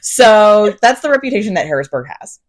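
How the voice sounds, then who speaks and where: A woman's voice: medium pitch, big pitch swings, fairly quick. A woman co-hosting a book podcast, chatting casually with dry, joking sarcasm. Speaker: podcast co-host. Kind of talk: casual chat.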